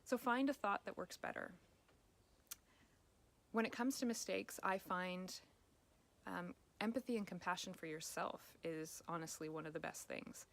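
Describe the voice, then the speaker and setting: Creaky-voiced woman life coach. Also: fairly low pitch, measured pace, long pauses. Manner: gentle, encouraging, speaks directly to the viewer. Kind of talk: self-help advice video.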